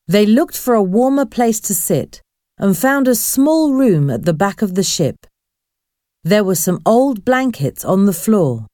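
A woman narrating a storybook in a clear, expressive reading voice. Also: lowish voice, unhurried, dry recording, clean studio sound.

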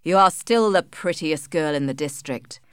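A woman voicing an arrogant young gentleman, demanding and offhand, at times mocking. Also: sits low, moderate pace, smooth, dry recording, clean studio sound, natural voice.

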